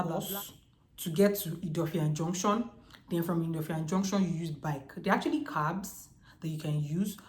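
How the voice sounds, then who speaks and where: A Nigerian woman in her twenties telling a storytime vlog in a lively, chatty way, full of slang. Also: fairly low pitch. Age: 20s. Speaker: vlogger. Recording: echoey room.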